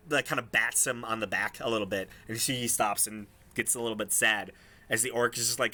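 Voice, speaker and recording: A man's voice: medium pitch, sharp tone. A man narrating as game master in a casual, hesitant way with many ums.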